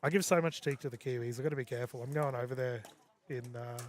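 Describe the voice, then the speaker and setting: Male commentator, fast, teasing banter, light background hiss. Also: mid-range voice. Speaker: sports commentator. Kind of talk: casual booth chat on a broadcast.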